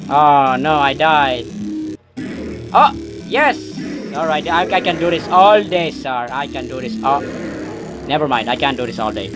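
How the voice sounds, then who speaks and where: A young man playing a game on camera and reacting loudly, his fairly high voice leaping between panicked yelps and low mumbled asides. His talk swings widely in pitch, full of shouts and quick jokes. Faint music plays behind him. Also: lively intonation. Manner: drops to a low, muttering aside between outbursts. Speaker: gaming YouTuber. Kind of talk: let's play commentary.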